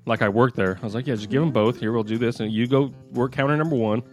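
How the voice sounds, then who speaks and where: A man's voice: mid-range voice, fast talker, soft background music. A man in casual podcast chat, telling a rambling story and laughing mid-story.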